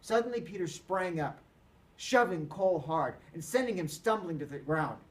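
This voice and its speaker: Expressive male teacher reading aloud. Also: a little high, normal speed, distant mic. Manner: expressive, dramatic. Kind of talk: read-aloud of a novel.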